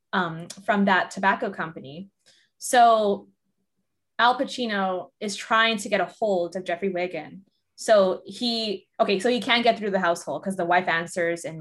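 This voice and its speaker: A woman's voice: medium pitch, fairly bright tone. A woman casually reviewing a film, retelling scenes in a rambling, filler-heavy way.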